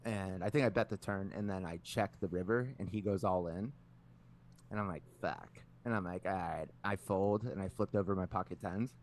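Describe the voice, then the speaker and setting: Male podcast co-host, lower voice, rambly and profane storyteller, slight background noise. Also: normal speed, darkish tone. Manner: rambling, heavy filler words, swears a lot. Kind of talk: casual storytelling chat.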